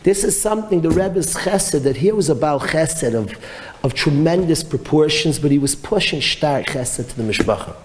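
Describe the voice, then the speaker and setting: A man teaching a Torah class as a rabbi, telling stories in an animated way and mixing in Hebrew and Yiddish terms. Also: fairly high pitch, normal speed. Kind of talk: storytelling Torah lecture. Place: yeshiva hall. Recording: reverberant hall with faint noise.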